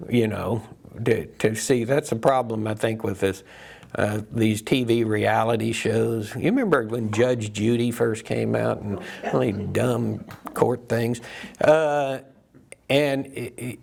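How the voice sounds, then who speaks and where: Gravelly man leading a Bible study. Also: medium pitch, a little mellow. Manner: reflective, loose, many fillers and restarts. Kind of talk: casual teaching talk.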